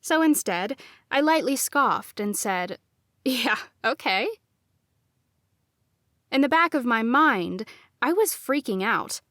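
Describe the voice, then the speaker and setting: A woman reading a first-person novel as audiobook narrator, in a measured, expressive delivery. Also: fairly high pitch, dry recording, studio quality.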